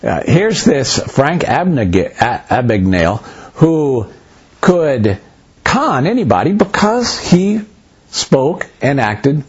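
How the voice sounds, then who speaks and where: With a lowish, darkish, slightly rough voice, a man teaching the Bible guides a conversational study, bringing stories to life and voicing snippets of dialogue. He restarts loosely as he talks, and the lo-fi recording is muffled.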